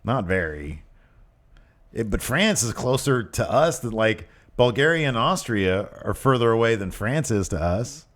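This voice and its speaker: Animated, joking male podcast co-host. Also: mid-range voice. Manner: animated, jokey, breaks into put-on voices and quick asides. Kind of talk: casual wrestling review chat.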